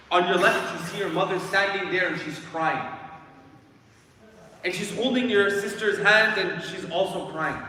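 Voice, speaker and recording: A man's voice: sits high, pushed and bright. A man from Canada giving a guest sermon in a mosque, telling a vivid story and addressing the crowd directly with dramatic build-ups. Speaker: guest lecturer. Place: mosque prayer hall. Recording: echoey hall from far off with faint noise.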